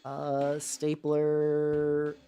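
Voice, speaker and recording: A woman streaming a video game playthrough, talking excitedly, swearing freely, and rambling in asides. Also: sits low, very slow, highs cut off, soft background music. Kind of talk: live gameplay commentary.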